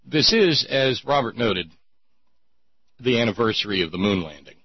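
A man's voice: mid-range voice, lively intonation, moderate pace, husky, dry recording, muffled recording. A man hosting a talk show, chatting in a rambling, sardonic way with many restarts. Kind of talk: casual call-in show banter.

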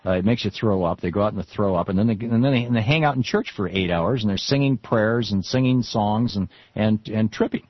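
Husky radio host, political talk, dry dull broadcast sound, animated and stammery. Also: male voice, on the low side, fairly quick, hardly any pauses, dry recording. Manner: animated, restarts often, stammers.

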